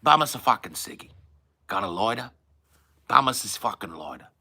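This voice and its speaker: A man putting on a loud, rough, pushy Australian bloke with a broad Australian accent. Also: on the low side, big pitch swings, moderate pace, full character voice. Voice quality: loud, brash, clipped shouts.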